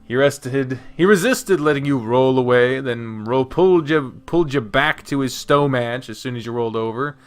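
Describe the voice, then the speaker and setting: A man playing through a story game, reading the narration in a soft voice. He breaks in with off-hand, profane remarks in a plain, middle-pitched voice. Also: moderate pace, few pauses, soft background music. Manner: casual, swears freely, reads the narration softly, then breaks out into loud commentary. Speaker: game streamer. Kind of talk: reading a visual novel aloud with commentary.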